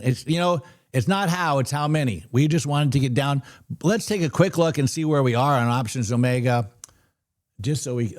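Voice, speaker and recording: A man hosting a live trading stream, talking in an animated, ranting and excitable way. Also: mid-range voice.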